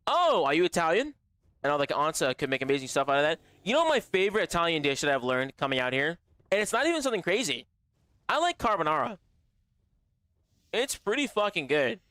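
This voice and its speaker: Male streamer, fairly high voice, casual profane banter, slightly strained. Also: very animated, quick pace, pushed and bright, no room sound. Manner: slangy and profane, calls chat bro and baby. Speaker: gaming livestreamer. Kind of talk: casual live-stream chat.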